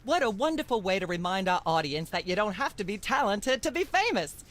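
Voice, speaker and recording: A woman voicing a condescending talk show host in a video game, with sharp, acerbic remarks. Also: medium pitch, sing-song, a little fast, lightly acted. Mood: haughty.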